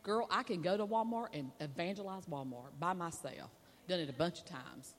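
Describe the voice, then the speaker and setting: A woman preacher telling a folksy, animated story in a sermon at a women's conference, laughing and acting out the voices. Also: fairly low pitch, moderate pace. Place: stage at a women's conference with a hall's reverb. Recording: long hall reverb.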